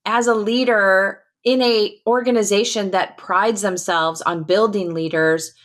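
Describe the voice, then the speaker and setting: A middle-aged American woman, a retired Air Force colonel, telling a personal story as a podcast guest in a candid, emphatic way with casual fillers. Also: medium pitch. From United States.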